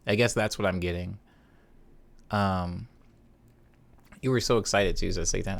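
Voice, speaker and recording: A man's voice: low-pitched, steady tone, a little slow, vocal fry. A man casually chatting on a live stream from his home studio while producing music, humming and scatting notes aloud as he works. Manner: chatty, hums and scats chord notes aloud.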